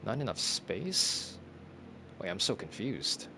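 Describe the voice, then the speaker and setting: Young male streamer, low-pitched, talks to himself while playing, confused and cursing, faint hiss behind. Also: very animated, slow. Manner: muttering to himself, confused and swearing. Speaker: gameplay streamer. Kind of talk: casual gameplay commentary.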